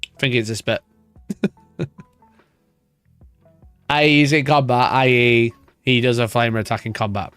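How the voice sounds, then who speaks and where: A man's voice: medium pitch, fairly even intonation, unhurried, pauses often, a bit bright, clear, resonant tone, no echo, soft background music. A man hosting a wargaming live stream, ranting in mock outrage and swearing as he reads and reacts. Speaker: wargaming channel host. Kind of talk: casual live-stream chat.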